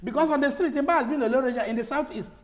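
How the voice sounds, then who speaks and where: A man's voice: extremely high pitch, rapid-fire. A man from Nigeria with a Nigerian accent, a guest on a TV panel, speaking emphatically, repeating words as he searches for them and checking in with "Okay?". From Enugu, Nigeria. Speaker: studio guest. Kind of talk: TV panel discussion.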